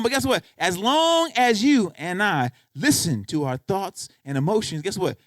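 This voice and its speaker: High, lively-voiced preacher man. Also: normal speed, hardly any pauses, dry recording. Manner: emphatic, repeats "guess what" to drive points home; conversational preaching, addresses congregation directly. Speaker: pastor. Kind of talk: sermon. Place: church.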